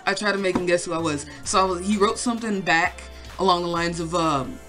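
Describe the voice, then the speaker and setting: A woman's voice: lowish voice, fairly quick, a bit bright, soft background music. A young woman telling a story to camera in a casual, rambling way, full of fillers and swearing. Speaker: vlogger.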